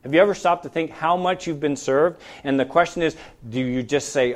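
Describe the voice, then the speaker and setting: A male pastor preaching a sermon in a church, firing rhetorical questions and swinging between loud emphasis and soft, low asides. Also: fairly quick.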